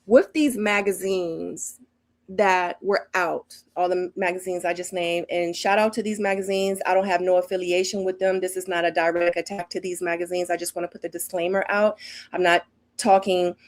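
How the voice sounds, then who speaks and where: A woman's voice: on the low side, level tone, normal speed. A woman in her forties, a former model, giving a casual, emphatic recap straight to camera, often tagging lines with "okay?" and "honey". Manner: sassy and emphatic, keeps adding "okay?" and "honey". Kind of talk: casual recap chat to viewers.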